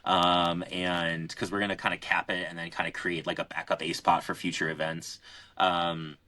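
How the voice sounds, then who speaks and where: Man, young adult, very low voice, casual podcast chat, rambling filler-heavy stories, dry close sound. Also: level tone, moderate pace, sharp tone, no room sound. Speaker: podcast co-host.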